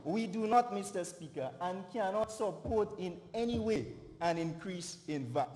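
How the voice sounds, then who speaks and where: A young man with a Grenadian accent giving a formal, emphatic parliamentary debate speech as an opposition member, stressing his words deliberately. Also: high voice, lively intonation, over music. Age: young adult. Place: large parliament chamber. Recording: echoey chamber with long reverb.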